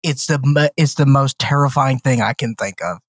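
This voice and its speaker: A man's voice: mid-range voice, normal speed, no room sound. A man co-hosting a movie podcast, joking and retelling a film's plot in casual chat. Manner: animated, joking, retells plots with acted-out quotes. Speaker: podcast co-host.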